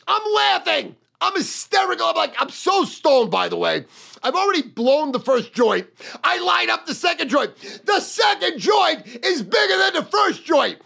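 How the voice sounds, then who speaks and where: A man tells his story loud and boastful, swearing freely. His voice sits high and gravelly, with a bright edge. His pitch swings a lot from line to line. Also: sing-song, normal speed. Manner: brash, profane, loud and boastful. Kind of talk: storytelling monologue.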